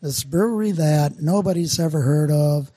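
A man's voice: fairly high pitch, normal speed, warm tone, husky, no room sound, clean studio sound. A middle-aged man from Minnesota, a brewer guest chatting casually and telling rambling, self-deprecating stories with lots of fillers. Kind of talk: casual podcast chat.

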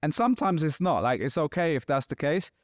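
A man's voice: a little high, very animated, brisk, no echo, studio quality. A man co-hosting a podcast in casual chat, talking animatedly and acting out quoted exchanges. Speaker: podcast co-host.

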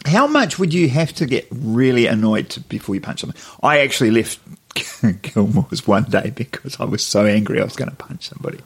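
A man's voice: medium pitch, sing-song, fairly quick, husky. A man co-hosting a casual podcast, laughing often and reading a news story aloud with plenty of ums. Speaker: podcast co-host.

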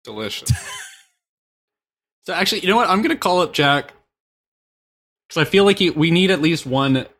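A man's voice: high-pitched, expressive, normal speed, pauses often, a bit bright. A man co-hosting a comedy podcast, making wry, laughing asides. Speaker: podcast co-host.

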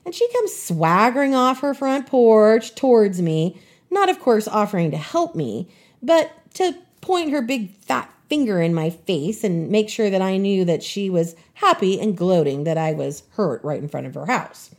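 A woman in her fifties hosting a podcast, telling a personal story in an expressive way. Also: medium pitch, measured pace.

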